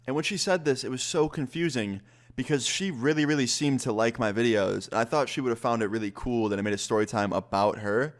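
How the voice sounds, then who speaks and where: Young male YouTuber, casual story-time delivery, animated, swears freely. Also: mid-range voice, a little fast.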